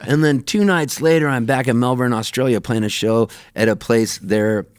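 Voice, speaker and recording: A middle-aged man telling lively anecdotes in a radio interview, laughing often and jumping his voice up high when he quotes himself. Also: moderate pace, smooth, no echo, clean studio sound. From Canada, raised in Southern California. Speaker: touring musician, guest. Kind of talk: animated storytelling in a radio interview.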